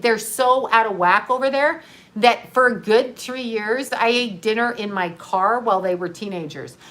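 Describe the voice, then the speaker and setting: A middle-aged woman speaks candidly on a livestream, swearing freely and laughing often. Her voice sits slightly high, and a layer of grief runs beneath the bluntness. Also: fairly bright tone. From United States. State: grieving. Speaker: livestream host.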